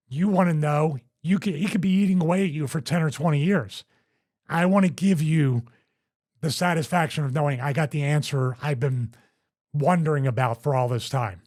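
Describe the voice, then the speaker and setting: A man hosting a wrestling podcast, telling backstage stories in casual chat with lots of restarts. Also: on the high side. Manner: rambling, animated storyteller with frequent restarts.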